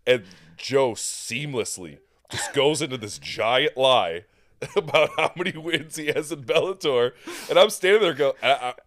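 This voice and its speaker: A man's voice: medium pitch, expressive, a little slow, fairly bright tone, no echo. A man hosting a podcast in casual chat, teasing his guest and telling stories in a laid-back way. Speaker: podcast host.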